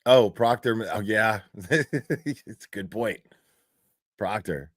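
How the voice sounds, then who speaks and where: A man's voice: fairly low pitch, slow, no room sound, studio quality. A man casually chatting with his stream viewers, swearing often and laughing at his own jokes. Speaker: streamer talking to chat. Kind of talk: casual livestream chat.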